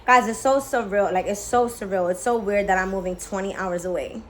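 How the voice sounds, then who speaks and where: A young woman vlogging in a casual, candid way, swearing freely, full of "like" fillers and excitable chatter. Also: medium pitch, fairly quick, background noise. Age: young adult. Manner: candid, profane, lots of "like" fillers. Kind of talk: casual vlog chat.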